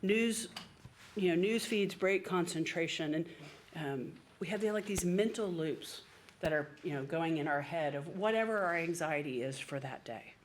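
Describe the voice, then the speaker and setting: A woman's voice: lowish voice, moderate pace, slight background noise. A woman priest giving a sermon in a conversational way, with the odd filler word. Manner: conversational preaching with occasional fillers.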